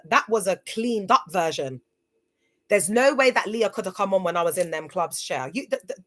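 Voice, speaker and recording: A woman's voice: mid-range voice, a bit bright. A young woman hosting a motivational livestream, talking in an emphatic, chatty way with slang and repeated phrases. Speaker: livestream host. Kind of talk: casual motivational livestream talk.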